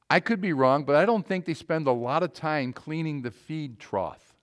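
A man preaching a sermon, with emphatic calls that swing to quiet, low asides.

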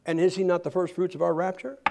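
High-voiced, animated male preacher. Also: quick pace, creaky. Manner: animated, humorous, with frequent restarts. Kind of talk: sermon.

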